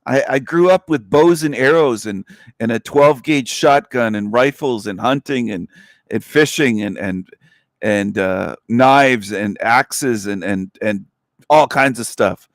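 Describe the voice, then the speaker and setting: A man's voice: medium pitch, measured pace, no room sound, clean studio sound. Profane, scornful man ranting. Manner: blunt and profane, with scornful laughs. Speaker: livestream host. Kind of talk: angry rant.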